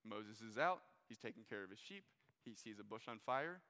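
A young adult man preaching a casual sermon to a live audience in a church hall, talking in a relaxed, conversational way with plenty of fillers. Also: lowish voice, normal speed, clear, resonant tone. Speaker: pastor. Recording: long reverb of a large hall.

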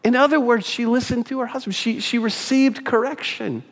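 A man preaching from the pulpit with a fairly high voice. He punches his main points and then sinks into quiet, hushed asides, often repeating a phrase as he goes. The sound has the long reverb of a church sanctuary. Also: moderate pace. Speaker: pastor. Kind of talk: sermon.

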